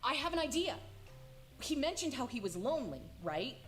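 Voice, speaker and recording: A woman voicing a determined widow in a fan dub, speaking in a calm, measured, earnest way. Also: sits high, soft background music. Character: determined adult widow on a quest.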